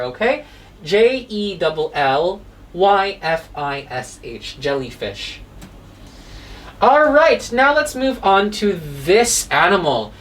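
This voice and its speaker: A woman's voice: fairly low pitch, recorded from a distance, slight background noise. A woman teaching a children's phonics lesson, spelling out animal names letter by letter and asking the kids questions.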